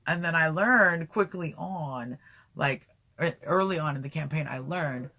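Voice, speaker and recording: A man hosting a casual livestream talk show, rambling and animated, answering chat comments as he goes. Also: fairly high pitch, unhurried. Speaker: livestream host.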